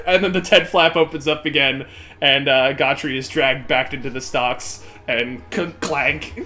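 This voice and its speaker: A man's voice: fairly high pitch, fairly even intonation, pushed and bright, soft background music. A young man running a tabletop game as game master, narrating casually with frequent laughs. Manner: casual, laughing, quick asides.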